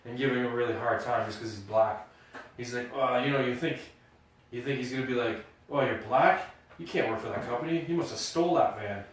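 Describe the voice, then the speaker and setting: Animated man telling stories in an echoey room. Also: medium pitch, brisk. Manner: animated storyteller, acts out quotes loudly. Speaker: podcast co-host. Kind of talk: casual chat. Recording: roomy echo, mic at a distance.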